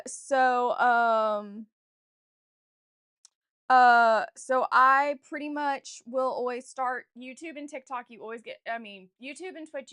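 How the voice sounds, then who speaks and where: Woman streaming a writing session, rambly and chatty, lots of ums, voice a bit on the high side. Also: fairly bright tone. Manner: rambling and chatty, many fillers and restarts; talks straight to viewers, often saying "you guys". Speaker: author livestreaming a writing session. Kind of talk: casual livestream chat.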